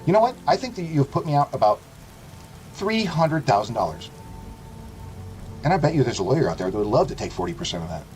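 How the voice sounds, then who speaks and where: A man's voice: medium pitch, sing-song, fast talker, pauses often, a little mellow, faint music behind, low-quality recording. A young adult male streamer delivering a sarcastic, profanity-heavy rant on his livestream.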